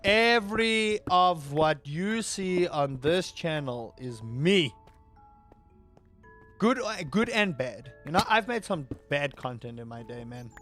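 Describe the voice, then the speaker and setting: A man's voice: fairly high pitch, lively intonation, takes it slowly, a bit bright. A man streaming live, chatting casually and rambling as he answers his chat. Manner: rambling, talks to chat, self-interrupting. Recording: faint music behind.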